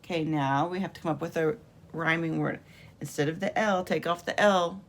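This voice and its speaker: Low gravelly lady teacher, slow and patient, sounding out letters for kids. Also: steady tone, slight background noise. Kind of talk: home video lesson on phonics. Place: her room at home.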